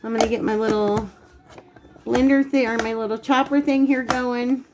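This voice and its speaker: A woman's voice: a little high, steady tone, moderate pace, noisy background. Chatty woman hosting a home cooking vlog. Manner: chatty, laughing, self-teasing. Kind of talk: casual cooking demonstration. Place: home kitchen.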